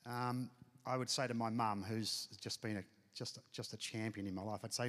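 A man's voice: on the low side, steady tone, moderate pace. Man preaching a heartfelt testimony in a hall. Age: middle-aged. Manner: earnest storytelling, emotional, addresses congregation. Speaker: pastor. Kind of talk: sermon testimony. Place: church hall. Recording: hall reverb.

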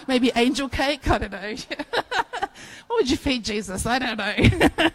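A woman preaching a sermon, telling stories in an animated way and acting out playful bits of dialogue. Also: high-pitched, slow pace, long pauses, rough recording.

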